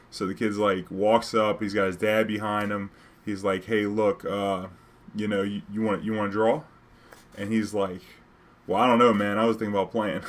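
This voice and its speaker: A young man with a somewhat low voice tells a story in an easy, laid-back way. His talk is slangy and loose, and he breaks into laughter at his own story. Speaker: streamer telling a story. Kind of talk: casual storytelling.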